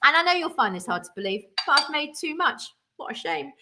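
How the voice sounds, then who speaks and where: A woman mixes drinks as co-host of a gin cocktail livestream, chatting in a bubbly, rambling, self-deprecating way. She speaks briskly in a high-pitched, very animated voice, with background noise audible.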